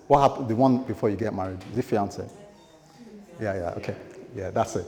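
A man's voice: fairly low pitch, fairly quick, mellow, long reverb tail, soft background music. A man preaching a sermon as pastor, in a loose conversational way, acting out quoted dialogue.

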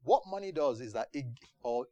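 Man telling a lively sermon story. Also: medium pitch, moderate pace, no room sound, highs cut off. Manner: animated storytelling, with laughs and acted-out quotes. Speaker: preacher.

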